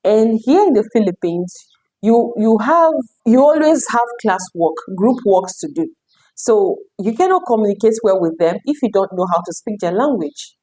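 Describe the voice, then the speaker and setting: A young Nigerian woman with a Nigerian accent, casually drilling new words aloud, repeating them with bursts of excitement. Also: mid-range voice, moderate pace, slightly rough. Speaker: language learner vlogger. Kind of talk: casual self-study lesson.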